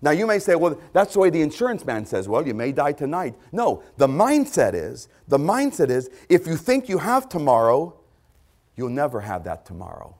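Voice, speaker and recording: A male preacher delivering a sermon with a very lively, swinging delivery. His voice sits a touch high for a man and drops to near-whispers before climbing to emphatic, repeated calls. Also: normal speed, few pauses. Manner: emphatic, swings from hushed to loud repetition.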